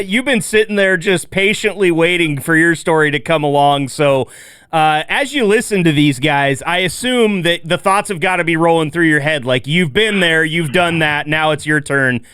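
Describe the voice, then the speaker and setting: A man's voice: on the high side, moderate pace, a bit bright, smooth, dry recording, studio quality. A man hosting a casual podcast, joking and laughing as he passes questions to his guests. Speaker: podcast host.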